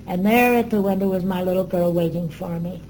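An older woman being interviewed, recounting her memories in an earnest, reflective way with pauses and fillers. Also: fairly low pitch, mellow, slight background noise, poor audio.

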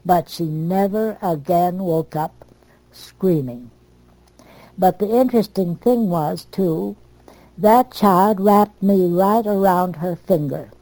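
An older American woman telling family stories from her past in a plain, unhurried way. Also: lowish voice, dark tone, dry recording, poor audio. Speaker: storyteller. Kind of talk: oral history reminiscence.

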